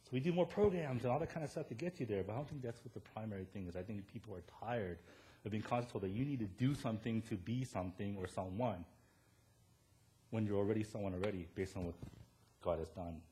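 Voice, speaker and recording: A male pastor preaching a sermon in a church, telling self-deprecating stories and often checking in with "right?" before rising to loud emphatic points. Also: fairly low pitch, fast talker. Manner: animated storytelling, rising to loud emphatic peaks, tag questions "right?".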